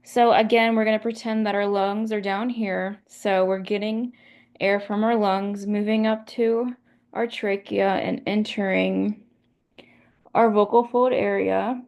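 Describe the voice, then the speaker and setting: A young woman gives a class presentation, explaining a model one step at a time. She talks slowly, and her voice has a gravelly, fried edge. She often circles back to repeat a point. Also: medium pitch, little pitch movement, a little mellow. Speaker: student presenter.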